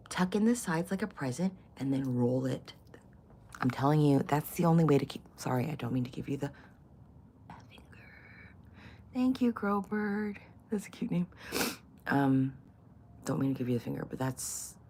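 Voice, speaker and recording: A woman's voice: low-pitched, mellow, slight background noise. A woman, likely in her forties or older, hosting a casual morning livestream, crude and giggly, chatting to viewers and often dropping into whispers. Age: 40s or older. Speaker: vlogger host.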